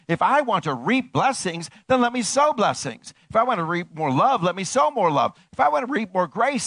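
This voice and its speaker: A pastor with a fairly bright voice preaches emphatically in a recording without echo. He swings widely in pitch and volume, repeating key phrases.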